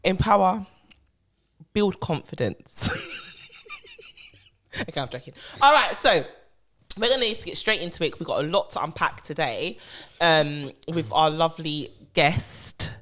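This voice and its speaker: A woman with a lower voice hosts a casual podcast chat. Her pitch swings widely as she teases and giggles with her friends. The talk is loose and playful. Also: animated, normal speed, fairly bright tone. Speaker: podcast co-host.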